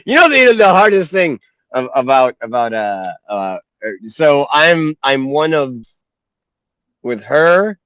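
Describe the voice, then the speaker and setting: A man's voice: on the high side, slow pace, smooth, no room sound. A man co-hosting a podcast, telling family stories in casual chat and laughing often. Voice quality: laughs often, animated storytelling. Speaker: podcast co-host.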